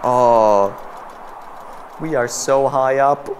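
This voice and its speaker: A man's voice: mid-range voice, extremely slow, slight background noise. A man giving let's-play commentary on a game. He is jumpy and jokey, exclaiming and laughing as he plays. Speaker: VR gameplay commentator.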